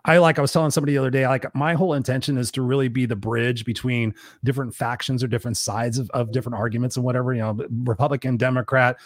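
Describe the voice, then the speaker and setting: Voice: medium pitch, steady tone, rapid-fire, hardly any pauses, no room sound, clean studio sound. A podcast host interviewing a guest, thinking aloud in long rambling questions with restarts. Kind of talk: casual interview.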